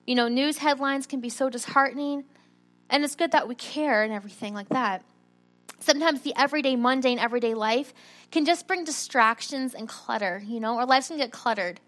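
A woman giving a sermon, telling a personal story in a chatty, animated way. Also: high-pitched, a little fast. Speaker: preacher.

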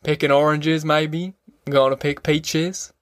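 A man's voice: fairly high pitch, little pitch movement, takes it slowly, no room sound, studio quality. A man voicing a bitter, worn-down male migrant in an audiobook, with a sly, mocking manner and a drawl. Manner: sly, mocking giggles turning grim and weary.

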